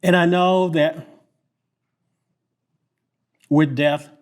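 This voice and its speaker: A man from Kentucky who is a pastor, giving a halting, reflective memorial tribute. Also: fairly high pitch, fairly even intonation. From Lynch, Kentucky.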